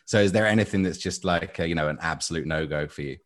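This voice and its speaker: A man's voice: low-pitched, fast talker. A man co-hosting a sports podcast, jokey and steering the conversation with questions. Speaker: podcast co-host. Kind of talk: casual sports podcast chat.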